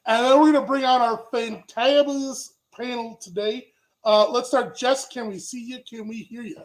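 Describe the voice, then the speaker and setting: A man's voice: very high-pitched, fairly even intonation, normal speed, rough recording. A man hosting a livestream panel over a video call, upbeat and joking as he brings on guests. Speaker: host.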